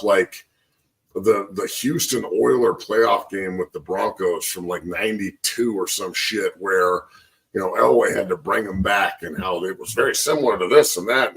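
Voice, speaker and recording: A man with a low, gravelly, husky voice talks through sports memories in a loose, rambling way, choked up. His voice sits a little back from the mic. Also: a bit bright, far from the mic, low-quality recording. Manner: rambling, reflective, with fillers. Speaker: sports show host, former player. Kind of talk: casual sports talk.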